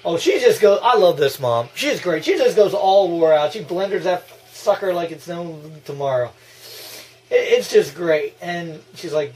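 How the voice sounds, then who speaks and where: A man giving casual, excitable movie reaction commentary, gushing and breaking into laughs and yells. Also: high voice, normal speed.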